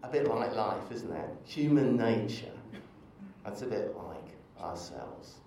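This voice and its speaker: A man preaching in a church, speaking slowly in a relaxed, conversational way. His voice rings through the big room from a distant mic. A faint hum sits underneath. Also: fairly low pitch, vocal fry. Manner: conversational, storytelling with asides. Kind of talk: sermon. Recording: echoey church from far off.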